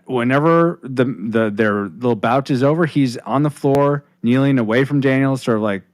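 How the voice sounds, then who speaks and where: A man's voice: medium pitch, normal speed, no room sound. A man hosting a casual podcast, rambling with restarts while reading listener comments on a close mic. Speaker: podcast host.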